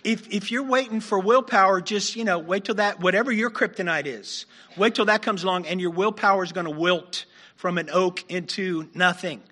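A man delivers a sermon in a high, conversational voice, often poking fun at himself. His tone is bright and forceful, though his voice sounds a little strained, as if he is starting to lose it. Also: moderate pace. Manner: conversational, self-deprecating, laughs while preaching. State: losing his voice. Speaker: pastor.

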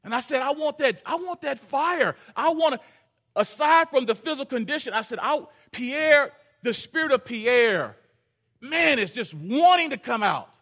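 A male pastor with a very high, bright voice delivers a storytelling sermon. He surges into loud, urgent stretches and then sinks into hushed, intense passages, with a ringing edge to his tone. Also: animated, moderate pace.

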